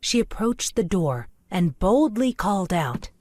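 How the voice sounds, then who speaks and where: A woman narrating a children's storybook in a clear, measured storytelling manner. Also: medium pitch, big pitch swings, a little mellow, a little hiss or hum.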